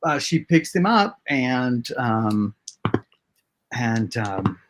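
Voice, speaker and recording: A man's voice: mid-range voice, expressive, very slow, fairly bright tone, slight background noise. A man narrating a tabletop game as game master, hesitant and full of filler words.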